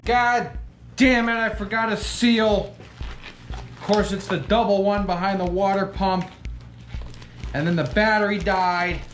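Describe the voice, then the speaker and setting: A woman's voice: medium pitch, fairly even intonation, a little slow, pauses often, faint music behind. A woman hosting a repair vlog, muttering and swearing in frustration as she works in a hot garage. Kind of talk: casual hands-on repair vlog.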